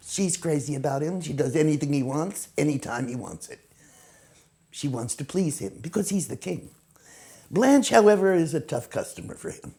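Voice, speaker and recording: A woman, an acting teacher, explaining technique in a lively way and acting out short examples. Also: low voice. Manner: animated, acts out examples in quoted voices. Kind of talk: teaching talk to camera.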